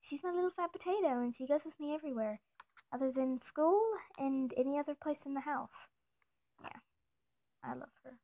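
A woman's voice: high-pitched, fairly quick, dark tone. A woman chatting casually on her animation channel, playful and jokey, gushing and silly, often dropping into whispered asides. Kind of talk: casual vlog chat.

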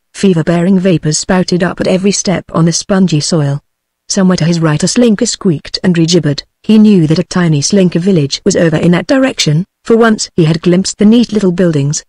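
A woman's voice: lowish voice, no echo, clean studio sound. Synthetic British female audiobook narrator. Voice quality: synthetic text-to-speech voice. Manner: flat, even reading. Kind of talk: scripted narration.

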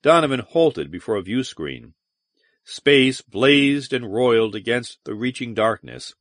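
A man narrating a science fiction audiobook in an expressive, dramatic reading on a close mic. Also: medium pitch, a little slow, no echo.

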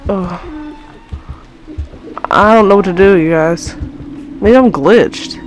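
A woman's voice: medium pitch, takes it slowly. A young woman playing a horror game, commenting to her viewers, easily frustrated and swearing often, with faint music behind her. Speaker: gamer.

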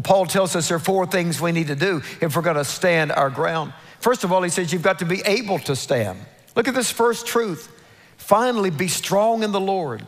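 A man preaching a sermon as senior pastor, slowing down to stress each quoted verse. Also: fairly high pitch, long reverb tail. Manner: emphatic preaching, slows down to stress scripture quotes. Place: large church sanctuary.

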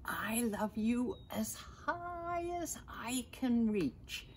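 Grandma doing little boy hare from a storybook, eager, loving, soft, lively pitch. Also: extremely slow, a little hiss or hum. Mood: wistful whisper. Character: small young male hare, eager and loving.

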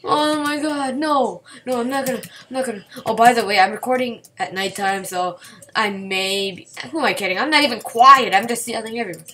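Excitable woman yelling through gameplay commentary. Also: fairly high pitch, a little fast, a little hiss or hum. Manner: excitable, yelps and repeats words when panicking. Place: home computer desk at night.

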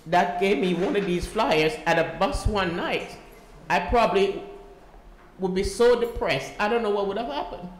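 A woman, a mother and volunteer, giving an emotional, pleading personal testimony to an audience. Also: medium pitch. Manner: emotional, pleading, voice rising as she speaks. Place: large echoey room with an audience. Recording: roomy echo, faint room noise.

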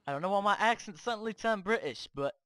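A man with a high, keyed-up voice and a bright, sharp edge talks over his own Minecraft match. He is excitable and boastful, trash-talking the other players. The sound comes from a cheap microphone. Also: fast talker. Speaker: gaming channel host. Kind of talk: Minecraft gameplay commentary.

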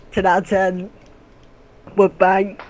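A man's voice: sits high, level tone, extremely slow, rough recording. A young man chatting loosely while gaming, laughing often. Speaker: gamer in voice chat. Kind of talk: casual gaming banter.

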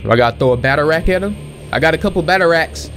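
Excitable man doing slangy game commentary. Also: on the high side, rapid-fire, noisy background. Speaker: gaming channel host. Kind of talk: let's play commentary. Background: game music and sound effects.

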